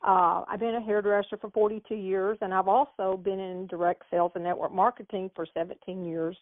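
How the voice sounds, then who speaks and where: A woman's voice: mid-range voice, level tone, brisk, no echo. A woman in her sixties, a guest consultant, introducing herself in a friendly, matter-of-fact way. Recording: dry tinny phone line.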